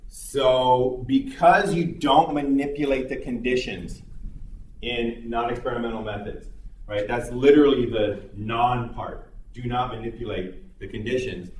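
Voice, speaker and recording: A man's voice: mid-range voice, a little slow, a little mellow, slight background noise. Male lecturer in an echoey classroom. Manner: conversational, explanatory, with filler words. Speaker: psychology instructor. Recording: echoey room, mic far off.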